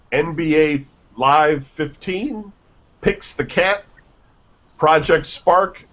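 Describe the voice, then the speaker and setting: A news host with a fairly high, slightly bright male voice runs a casual gaming news radio show, reading headlines and lists with offhand comments and stumbles. The recording sounds dull and lo-fi.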